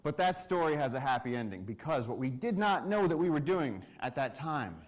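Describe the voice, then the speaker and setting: A man telling an animated story at a live conservation event, acting out the lines of the people in it. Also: medium pitch, a little fast. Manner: lively storyteller, acts out dialogue and shouts. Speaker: conservation speaker.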